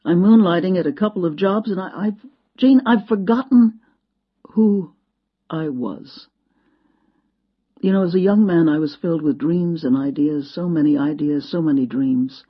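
Husky woman telling an inspiring story. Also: lowish voice, moderate pace. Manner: expressive, dramatic, acts out quotes. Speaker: speaker. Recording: dull lo-fi sound.

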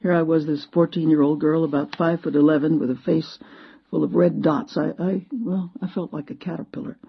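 A woman giving an inspirational storytelling talk, expressive and dramatic, acting out her quotes. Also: low voice, brisk, creaky, breathy edge. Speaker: speaker. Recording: dull lo-fi sound.

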